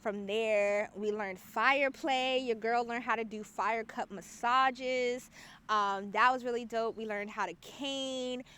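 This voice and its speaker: A woman hosting her own podcast, telling a story in a casual, animated and profane way, with frequent laughter. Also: on the high side, slow pace, clear, resonant tone. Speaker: podcast host.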